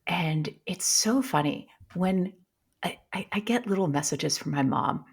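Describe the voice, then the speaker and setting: A woman's voice: lowish voice, unhurried, gravelly, breathy edge. A woman, a pediatrician and coach, chatting as a podcast guest and acting out the people in her stories. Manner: animated storyteller, acts out quotes. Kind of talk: casual conversation.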